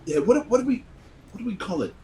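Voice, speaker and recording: A man's voice: high-pitched, big pitch swings, fast, warm tone, rough recording. A man playing a tabletop game, joking around casually and swearing freely. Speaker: player.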